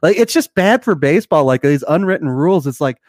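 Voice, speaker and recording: A man chats about sports on a podcast, laughing often and swearing freely. His slightly high voice moves lively up and down. The recording is dry and close. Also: fast talker, dry recording. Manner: animated, laughs often, profane. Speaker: podcast co-host. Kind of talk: casual sports chat.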